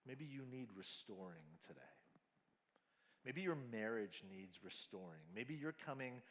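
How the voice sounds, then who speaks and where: Slow-preaching man in a reverberant hall. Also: medium pitch, sing-song, a bit bright. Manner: slow, emphatic preaching with casual slang. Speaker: pastor. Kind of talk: sermon. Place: large hall at a family camp.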